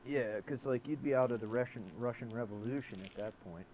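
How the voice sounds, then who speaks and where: A man's voice: mid-range voice, fairly quick, a little mellow, a little hiss or hum, poor audio. A man playing a tabletop game over a voice call, asking direct questions. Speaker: player.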